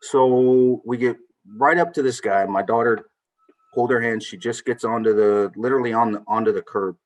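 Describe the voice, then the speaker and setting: A man hosting a laid-back chat among friends, telling a story with plenty of swearing and rising heat. His voice sits in a middle pitch. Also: moderate pace, rough recording. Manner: animated storyteller, swears freely. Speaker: podcast host.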